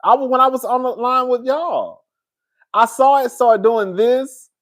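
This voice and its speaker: A man's voice: very high-pitched, measured pace, a bit bright. A man, hosting a casual livestream and venting in a sassy, exasperated way to his viewers. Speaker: livestream host.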